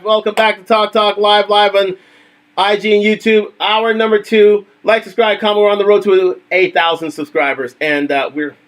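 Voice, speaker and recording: High-voiced man hosting a live stream. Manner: animated, repetitive, laughs often. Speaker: host of a live talk stream. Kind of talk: casual live-stream talk.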